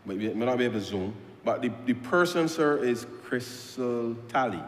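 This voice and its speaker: Barbadian male legislator, mid-pitched, emphatic repeater; long reverb from the chamber. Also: lively intonation, moderate pace. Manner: emphatic, repetitive, addresses "sir" nearly every phrase. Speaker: member of parliament. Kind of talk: parliamentary speech.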